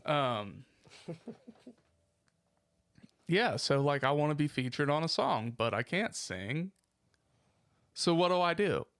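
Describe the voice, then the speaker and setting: A man's voice: on the high side, lively intonation, takes it slowly, long pauses, fairly bright tone, no room sound, clean studio sound. A man co-hosting a podcast in casual banter, joking around and laughing often. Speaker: podcast co-host.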